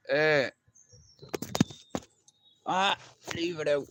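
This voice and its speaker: A man's voice: high voice, slow pace, pauses often. A middle-aged Irish man chatting casually to live viewers, swearing freely as he rambles through stories. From Ireland. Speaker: livestream host.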